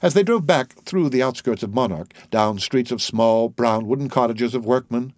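Reading a novel as its narrator, this man gives the characters' lines light voices of their own. He speaks at normal speed in a mid-range, darkish voice, recorded without any room sound.

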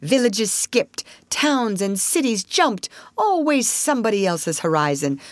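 A woman reading aloud while voicing Toad, a conceited male toad who talks in a dreamy, breathless swoon, high and slow. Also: sing-song, no room sound. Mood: rapturous. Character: rapturous conceited male Toad, motor-car mad. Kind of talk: storybook reading.

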